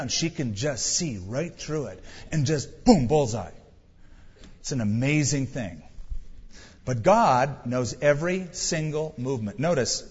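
A man's voice: fairly high pitch, slightly rough. A middle-aged man preaching a sermon in a conversational style with wry humor. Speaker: pastor. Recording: dull sound with long hall reverb.

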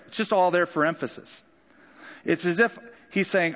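Conversational preacher in a reverberant hall. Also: male voice, a little high, moderate pace, pushed and bright, lo-fi sound. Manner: conversational preaching with dramatic quoted voices. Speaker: pastor. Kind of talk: sermon.

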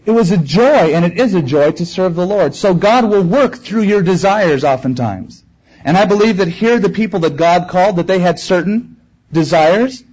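A man preaching in a relaxed, conversational way, earnest and plain, his voice husky and a little higher than most men's. The recording is dull and lo-fi, like an old tape made in a church room. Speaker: pastor. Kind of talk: sermon. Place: church room before a congregation.

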